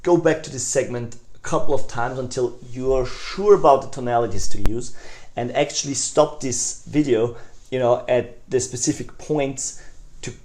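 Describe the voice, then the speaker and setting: A man giving a recorded online sales lesson in a mid-pitched voice. He talks casually, full of "you know" and restarts, and he jumps from loud, eager delivery to quiet, hushed phrases to show how each tone sounds. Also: moderate pace. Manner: demonstrates tonalities, swings between loud enthusiasm and soft hushed lines; conversational, many fillers and restarts. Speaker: sales trainer.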